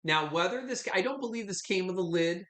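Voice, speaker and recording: A man's voice: high voice, expressive, fairly quick, a bit bright, roomy sound. A man in his fifties hosting a live online sale from his home, chatting casually and calling viewers honey and sweetie. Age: 50s. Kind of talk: live online auction selling.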